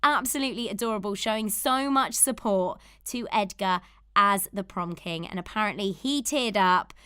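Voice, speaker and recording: A woman's voice: medium pitch, normal speed, bright, forceful tone, clean tone, dry recording, studio quality. A woman hosting a podcast, telling stories in an enthusiastic, gushing casual chat. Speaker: podcast host.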